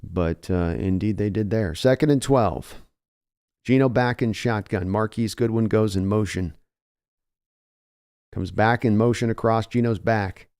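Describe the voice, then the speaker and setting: Fairly low-pitched and a little slow, this live reaction host has a darkish, clean tone. He gives conversational fan play-by-play of a live game in his early-morning voice, growing more energetic whenever a big play unfolds.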